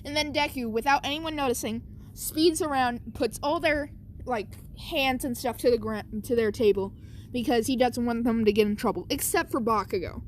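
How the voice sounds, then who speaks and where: A woman's voice: a little high, normal speed, slight background noise. Rambling woman retelling a fan story. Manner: rambling, self-correcting, many fillers.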